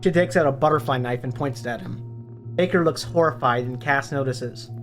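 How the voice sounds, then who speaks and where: A man's voice: a little high, expressive, moderate pace. A man, a book reviewer, retelling a novel's story in a plain, matter-of-fact way. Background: faint background music.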